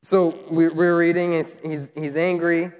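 A man preaches a sermon in a fairly high voice. He reads scripture and breaks into lively asides, acting out the characters. His voice rings with the long reverb of a big hall. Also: measured pace, smooth. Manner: animated, voices the characters while retelling.

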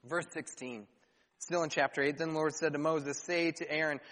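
A man's voice: fairly high pitch, steady tone, moderate pace, a bit bright. A man preaching a sermon as pastor, reading scripture aloud and adding rhetorical questions and dry asides. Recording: long hall reverb.

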